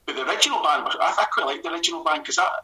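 A middle-aged Scottish man, a comedy writer, telling stories in a casual radio conversation with quick restarts and laughs. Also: fairly high pitch, poor audio. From Scotland. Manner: rapid, animated storytelling with restarts and laughs.

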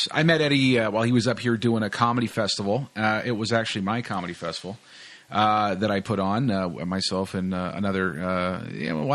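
A man's voice: lowish voice, fairly bright tone. A man hosting a podcast in casual chat, rambling and laid-back, with lots of fillers. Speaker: podcast host.

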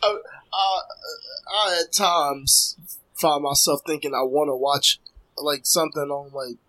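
Chill podcast guy, kinda husky, slightly higher voice, laughs a lot. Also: steady tone, measured pace, bright, forceful tone, poor audio. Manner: laid-back, laughing, chatty. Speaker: podcast co-host. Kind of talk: casual podcast banter.

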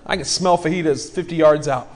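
High-voiced pastor guy in his 40s, animated, jokey, acts out his story. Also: a little fast. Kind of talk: sermon storytelling.

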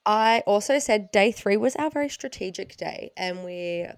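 Woman, 20s, blunt podcast co-host, gravelly fry. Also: medium pitch, expressive, no echo, clean studio sound. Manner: blunt, frequent swearing, quick reactions. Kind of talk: casual chat.

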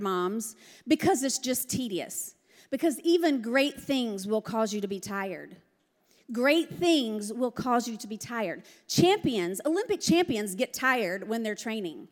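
A middle-aged woman preaching a lively, joking sermon. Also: high-pitched. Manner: lively, joking, laughs often. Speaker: pastor. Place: large church hall. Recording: long hall reverb.

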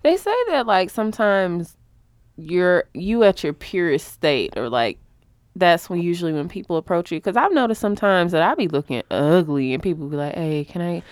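A woman co-hosting a casual podcast, chiming in with quick, wry comments. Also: on the low side, big pitch swings, no room sound, studio quality. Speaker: podcast co-host. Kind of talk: casual chat.

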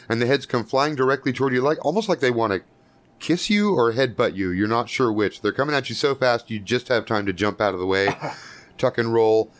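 A man narrating as game master in a tabletop game, in a loose, profane, chuckling way. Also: medium pitch.

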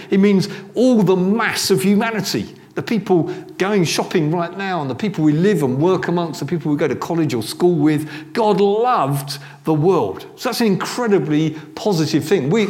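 A man's voice: a little high, a little mellow. Chatty male preacher. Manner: conversational, with restarts and asides. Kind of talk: sermon. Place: church.

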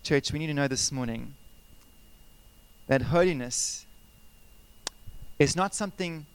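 A man preaching a sermon as pastor, animated and conversational, asking his congregation questions and telling personal stories. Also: fairly high pitch, a little slow, smooth. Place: church service.

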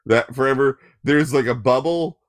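A man's voice: medium pitch, normal speed. A young man co-hosting a podcast in casual chat, rambling with lots of fillers and swearing. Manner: rambling, profane, many fillers. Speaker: podcast co-host.

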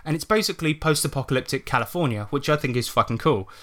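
A man's voice: mid-range voice, expressive, quick pace, a bit bright. Chatty man explaining game rules. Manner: chatty, swears freely, explains rules step by step. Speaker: podcast co-host reviewing a tabletop game. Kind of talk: casual chat.

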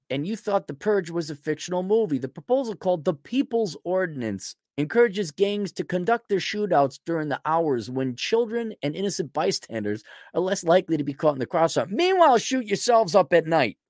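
A man's voice: a little high, no echo, studio quality. A male podcast host delivering a ranting commentary, sarcastic, profane and mocking.

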